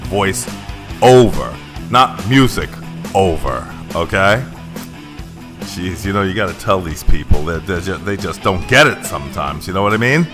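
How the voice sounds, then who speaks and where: A man's voice: low-pitched, normal speed, music in the background. A middle-aged man co-hosting a casual podcast, joking and playfully bossy. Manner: joking, animated, playful bossiness. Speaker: podcast co-host. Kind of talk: casual banter.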